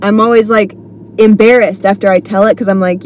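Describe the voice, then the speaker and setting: Woman, podcast host, comedian, solo monologue, rambling, filler-heavy, mid pitch, faint noise. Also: fairly even intonation, a little fast.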